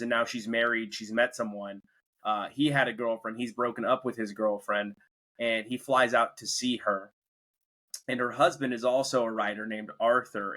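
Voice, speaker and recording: A man's voice: medium pitch, bright, forceful tone, rough recording. A young man hosting a podcast, casually retelling a film's plot in a rambling way. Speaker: podcast host. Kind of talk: casual movie review chat.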